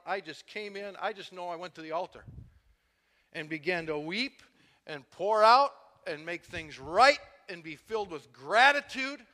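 Preacher, male, high bright voice, impassioned testimony in a reverberant hall. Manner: storytelling testimony, swings from quiet to loud and impassioned. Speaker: pastor. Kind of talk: sermon.

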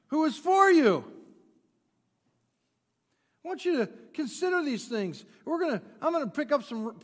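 High-voiced pastor preaching in a reverberant hall. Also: male voice. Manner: animated preaching, swinging between loud emphatic peaks and low quiet drops; playful asides with chuckles to the congregation. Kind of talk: sermon. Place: church sanctuary. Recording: long church hall reverb.

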